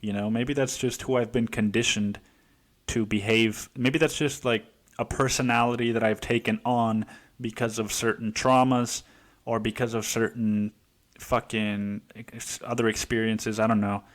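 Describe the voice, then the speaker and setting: A man's voice: medium pitch, flat delivery, moderate pace. A man in his twenties hosting a casual solo podcast, rambling with heavy swearing and many restarts. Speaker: podcast host.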